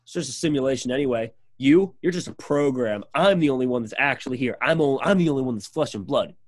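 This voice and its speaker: A man putting on an eccentric, odd male maintenance worker who talks earnestly and insistently, as if stating plain facts. The voice is pushed a little higher and louder than his own. It keeps a casual podcast-chat sound. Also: quick pace, natural voice.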